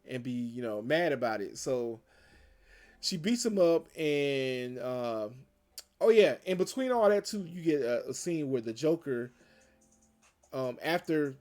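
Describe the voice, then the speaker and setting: A man's voice: mid-range voice, darkish tone. A man hosting a casual show review, retelling episode events in a rambling, conversational way and chuckling often. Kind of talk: casual spoiler review recap.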